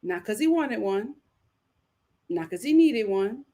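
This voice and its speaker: A woman hosting a casual livestream, giving animated, opinionated reactions and talking straight to her chat. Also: on the high side, a little slow. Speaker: livestream host. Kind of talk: casual reality-show review livestream.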